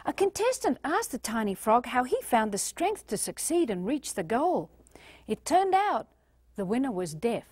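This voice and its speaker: Animated Australian woman lecturing. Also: fairly high pitch, moderate pace, husky, dry recording. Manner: animated, acts out quoted voices. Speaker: leadership trainer. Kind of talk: recorded training lecture.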